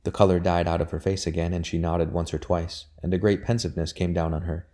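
Male audiobook reader, deep and mellow, measured delivery. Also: little pitch movement. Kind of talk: audiobook narration of a historical novel.

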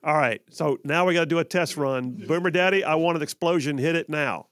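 A man's voice: on the high side, a little fast, a bit bright. A man hosting live talk radio from a studio, chatty and joking, often repeating himself. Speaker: radio talk show host. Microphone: studio microphone.

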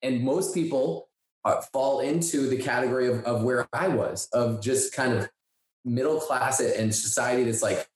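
A man co-hosting a podcast, telling a story in a casual, animated way and acting out the dialogue he quotes. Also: medium pitch, normal speed. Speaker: podcast co-host. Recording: echoey room.

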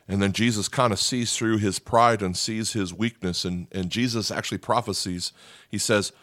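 A man preaching a sermon as pastor, in a conversational, animated way, sometimes acting out voices. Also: lowish voice, normal speed, dry recording, studio quality.

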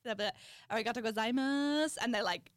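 A woman, co-hosting a podcast in casual chat and telling stories in an animated way, laughing often. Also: a little high, a little fast, dry recording, clean studio sound. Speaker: podcast co-host.

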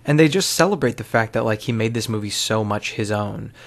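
A man's voice: fairly low pitch, brisk, creaky. A man giving casual, rambling commentary while watching an old film, often correcting himself and swearing offhand.

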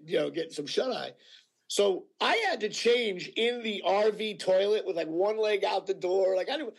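A male actor telling anecdotes in a casual interview, animated and full of fillers, acting out what people said. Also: high-pitched. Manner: animated storyteller with many fillers, acting out quotes. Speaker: actor guest.

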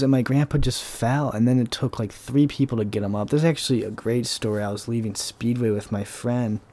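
Young male podcast host, warm low-key tone, profane and sarcastic rambler. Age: young adult. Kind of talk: casual solo monologue.

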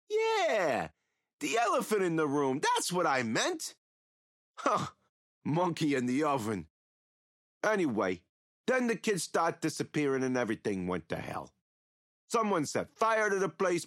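An actor playing a rambling, mocking killer who taunts a captive priest in an audio drama. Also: male voice, a little high, fairly bright tone, dry recording, clean studio sound, heavily acted.

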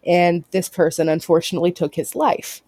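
A woman's voice: lowish voice, flat delivery, normal speed, mellow, no echo. A woman guest on a podcast, steadily telling urban legends in casual chat.

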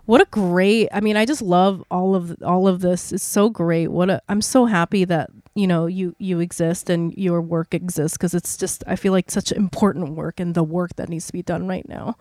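A woman's voice: on the low side, fairly even intonation, moderate pace, hardly any pauses, darkish tone, dry recording, studio quality. A woman co-host in casual conversation, speaking emphatically and agreeing often.

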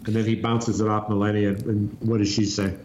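Male podcast co-host, low voice, animated storyteller; roomy lo-fi room sound. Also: fairly quick. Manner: animated storyteller, acts out quotes. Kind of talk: casual podcast chat, storytelling. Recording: roomy, dull lo-fi with faint hiss.

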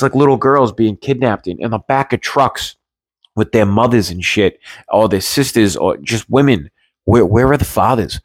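A man's voice: mid-range voice, no room sound. Profane agitated man ranting. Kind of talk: ranting commentary.

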